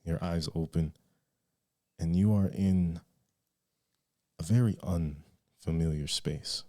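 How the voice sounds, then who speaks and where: A man narrating as game master in a tabletop game, halting and restarting as he draws out his descriptions. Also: low-pitched, dark tone. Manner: halting, with many fillers and restarts, drawn-out descriptions.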